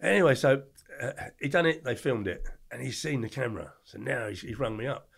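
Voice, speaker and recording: An older man, telling colourful anecdotes as a podcast guest in an animated, slangy way. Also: medium pitch, fairly quick, creaky, slightly rough. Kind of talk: storytelling interview.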